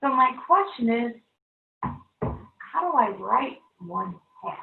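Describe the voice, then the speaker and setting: A woman's voice: a little high, big pitch swings, takes it slowly, vocal fry. A woman teaching a televised math lesson to young students, upbeat and coaxing, constantly checking in with the class. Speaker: third-grade teacher. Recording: echoey room, far-off, thin phone-like sound.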